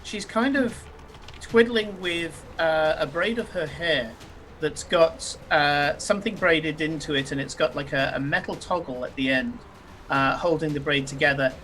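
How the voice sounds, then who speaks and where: Bright-voiced man running a tabletop game. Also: fairly high pitch, slight background noise. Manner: halting, many uh fillers. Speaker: game master.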